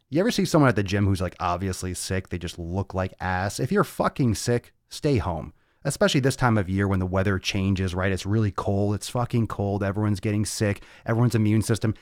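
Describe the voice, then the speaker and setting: Low-voiced guy running a live fitness podcast, swears a lot, dry sound. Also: a little mellow, no echo. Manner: brash, profane, talks straight to viewers. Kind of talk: livestreamed podcast chat.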